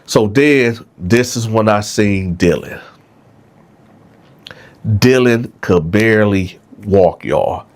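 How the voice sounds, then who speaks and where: A man telling a story in a casual, conversational way, his pitch swinging lively up and down. He keeps checking in with the listeners as he goes. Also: slow pace, pauses often. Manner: conversational, frequent "right?", addresses listeners.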